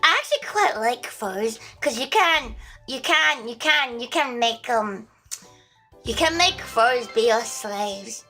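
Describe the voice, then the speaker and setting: Playful high-voiced young woman streamer. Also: animated, takes it slowly, pushed and bright, soft background music. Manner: playful, giggly, chaotic, jokingly crude. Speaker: livestreamer. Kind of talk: casual livestream chat.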